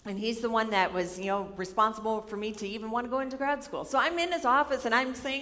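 A young woman giving a sermon built on a personal story. She is animated and acts out her own worried voice as she tells it. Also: a little high, brisk, few pauses. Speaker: speaker giving a chapel talk. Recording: long hall reverb.

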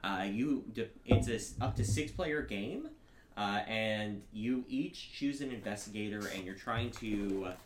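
A man's voice: on the low side, unhurried. A young man hosting a casual family podcast, rambling through a board game review with many fillers. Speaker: podcast host. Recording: echoey room, faint background noise.

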